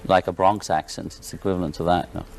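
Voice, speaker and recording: A man's voice: sits low, steady tone, fast talker, gravelly, darkish tone, slight background noise. A man from Liverpool with a Liverpool accent, a guest in a television studio chatting casually, wry and joking with frequent laughs. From England, Liverpool. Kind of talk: casual talk-show chat.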